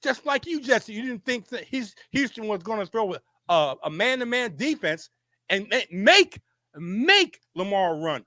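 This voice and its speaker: Facing a camera, a man hosting a sports show makes a heated, insistent argument, going over the same points and stumbling into restarted sentences. He speaks unhurriedly in a high, bright, very animated voice with a forceful tone. There is no room sound.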